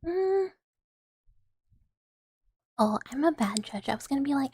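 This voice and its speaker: A woman from the American South, chatting in a whispered ASMR live stream. She whispers softly and rambles, with many fillers. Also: high voice, expressive, measured pace, slight background noise. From Southern United States.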